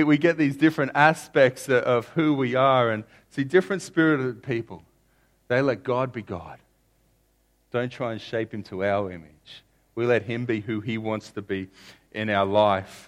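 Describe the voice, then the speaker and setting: A man preaching a sermon in a conversational way, stumbling over restarts and repeating key lines. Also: medium pitch. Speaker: pastor.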